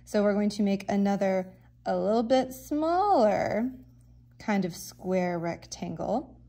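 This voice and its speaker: A woman's voice: medium pitch, animated, takes it slowly, mellow. A woman teaching a children's drawing lesson, giving encouraging step-by-step instructions. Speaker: art teacher.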